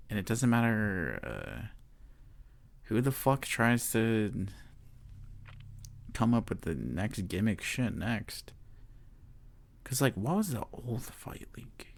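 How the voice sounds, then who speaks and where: A man's voice: lowish voice, very animated, slow, creaky, long pauses. A man hosting a sports podcast, ranting casually, swearing often, laughing and trailing off mid-sentence. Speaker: podcast host. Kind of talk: casual profane rant.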